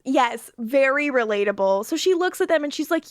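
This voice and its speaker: A woman's voice: high-pitched, expressive, moderate pace, no echo, studio quality. A woman co-hosting a casual rewatch podcast, laughing often and acting out characters' lines. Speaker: podcast co-host.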